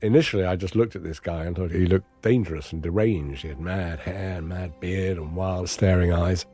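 Very deep-voiced English man, reflective. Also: fairly even intonation, dark tone, soft background music. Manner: measured, understated, wry. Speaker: interviewee recounting his captivity. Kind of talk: reflective first-person testimony.

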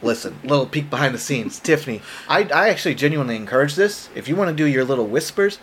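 A man's voice: a little high, animated, fast talker, a bit bright, a little hiss or hum. A man co-hosting a podcast in casual chat, with dry, playful teasing. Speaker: podcast co-host.

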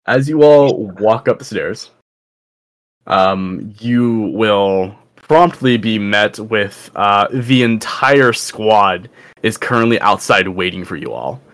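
A man's voice: fairly low pitch, expressive, slow pace, fairly bright tone. A man narrating as dungeon master in a loose, rambling way with lots of fillers. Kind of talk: narrating a tabletop game.

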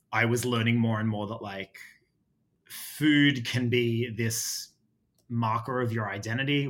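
A man's voice: medium pitch, fairly bright tone. A man in his thirties with an Australian accent, talking as a podcast guest in a rambling way, full of fillers and restarts. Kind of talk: casual chat.

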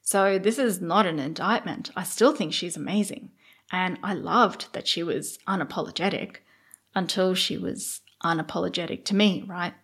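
A woman's voice: on the low side, normal speed, husky. A middle-aged woman hosts her own show and tells a personal story straight to the listener. She is candid and casual, and now and then she swears. When she replays what she was thinking at the time, her voice rises. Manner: candid, animated when reliving her thoughts, occasional swearing. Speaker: podcast host sharing a personal story.

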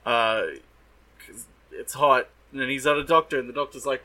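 Podcast co-host, man, bright tone, dry mocking recap style. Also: medium pitch, fairly even intonation, normal speed, low-quality recording. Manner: sardonic, swears, mock-voices characters. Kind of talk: casual recap chat.

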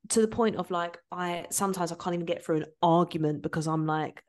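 This is a young woman hosting a casual podcast. She tells stories openly and laughs easily. Her voice sits a little low for a woman. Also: brisk, a little mellow. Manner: open, storytelling, laughs easily. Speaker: podcast host. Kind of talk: casual chat.

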